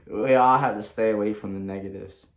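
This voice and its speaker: A man reading his own book aloud in a casual way, repeating lines and adding asides. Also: on the low side. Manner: reads loosely, repeats lines, breaks into chants and remarks. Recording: roomy echo.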